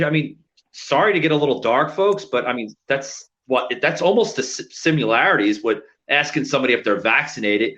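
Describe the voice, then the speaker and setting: A man's voice: mid-range voice, animated, normal speed, a bit bright. A man co-hosting a casual podcast, exasperated and profane, firing off rhetorical questions. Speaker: podcast co-host. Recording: dull lo-fi podcast audio.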